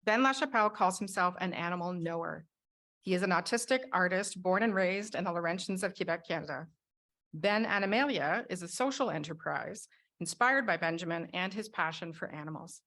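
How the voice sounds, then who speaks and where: Woman, award presenter, prepared remarks, measured delivery. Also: on the low side, a bit bright. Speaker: award selection team member presenting.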